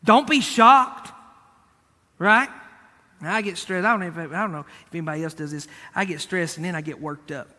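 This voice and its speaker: A man's voice: a little high, steady tone, quick pace, few pauses, pushed and bright, long reverb tail. A male pastor preaching a sermon, speaking emphatically, repeating key words and addressing the congregation directly.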